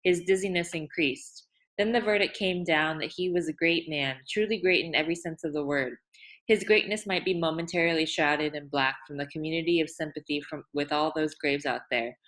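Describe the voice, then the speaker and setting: Woman reading a novel aloud, low-pitched. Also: fairly bright tone. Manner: measured reading with occasional restarts. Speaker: audiobook reader.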